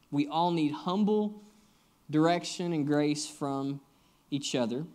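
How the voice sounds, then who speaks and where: A man's voice: fairly high pitch, normal speed. A young man, a guest pastor preaching a sermon, telling stories and joking with the congregation in a conversational way.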